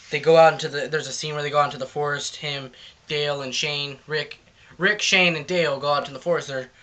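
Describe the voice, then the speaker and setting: A man's voice: mid-range voice, bright, forceful tone. A man reviewing a comic book in casual chat, rambling loosely through the plot.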